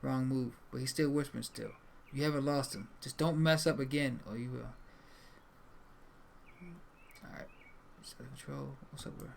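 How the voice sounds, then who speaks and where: A young man streams a game, swearing casually as he reads the dialogue aloud. His voice has a gravelly edge. Faint noise hums under the mic. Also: mid-range voice, fairly even intonation, a little fast. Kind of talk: live gameplay commentary, reading dialogue aloud.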